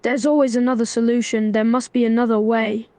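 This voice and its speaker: A text-to-speech woman's voice, narrating a melodramatic role-play story and speaking its lines in an even, scripted way. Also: a little high, fairly quick, no room sound. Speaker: AI chatbot narrator.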